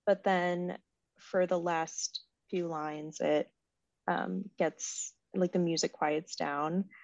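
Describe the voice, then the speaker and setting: A woman in her twenties in casual, reflective conversation, soft-spoken and quick to laugh. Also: lowish voice, steady tone, no room sound. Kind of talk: casual chat. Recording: dry, slightly dull sound.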